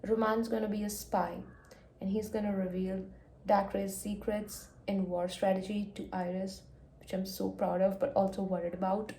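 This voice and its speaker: A young woman reacting emotionally to a book in a casual reading vlog, going from hushed gushing to loud exasperation. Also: medium pitch, little pitch movement, moderate pace, a little hiss or hum. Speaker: book vlogger. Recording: echoey room.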